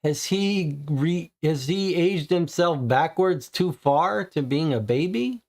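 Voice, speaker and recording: A man's voice: on the high side, animated, slow. A man playing a co-op mystery board game, reading the case entries and thinking aloud, puzzled about the clues. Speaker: game player and host.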